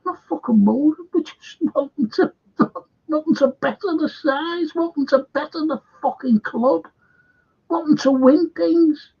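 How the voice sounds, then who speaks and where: A slow, drawn-out man with a gravelly, husky voice rants in a heated talk-show monologue, swearing at every turn and circling back over his points. The sound is dull and lo-fi. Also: extremely high pitch. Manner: heated, swears constantly, repeats himself. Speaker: host of a fan football show.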